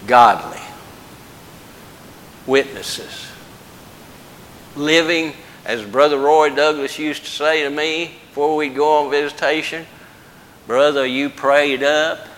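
Older preacher guy, slow folksy sermon, bright voice, echoey church. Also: on the high side, fairly even intonation, a little hiss or hum. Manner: plain-spoken, joking, drawn-out emphasis.

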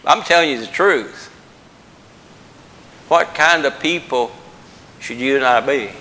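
Older preacher in an echoey hall. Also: male voice, medium pitch, bright, forceful tone. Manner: plain-spoken, joking, drawn-out emphasis. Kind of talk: folksy sermon.

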